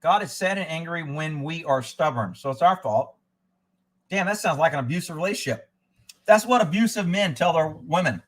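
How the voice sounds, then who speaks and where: Animated ranting man with a high voice. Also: moderate pace. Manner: sarcastic, ranting, mutters while reading aloud. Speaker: livestream host. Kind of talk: casual live-stream commentary, reading chat.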